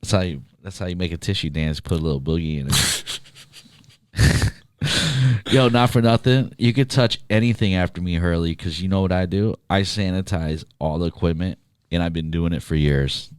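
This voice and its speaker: A man co-hosting a podcast in casual chat, animated and joking, swearing casually as he talks. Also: deep voice, moderate pace, smooth, no echo. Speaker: podcast co-host, DJ.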